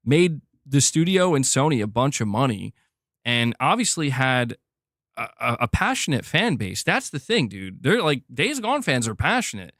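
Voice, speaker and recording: A man hosting a livestream, ranting in a heated, animated way and swearing freely while reading chat. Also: medium pitch, dry recording, studio quality. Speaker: streamer host. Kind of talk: casual livestream rant.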